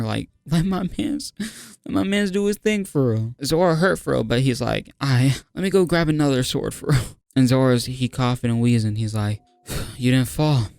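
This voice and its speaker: A man's voice: mid-range voice, a little mellow, clean tone, dry recording. A young man recapping a manga chapter in casual, slang-heavy talk, hyped and laughing often, saying "bro" constantly. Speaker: manga review host.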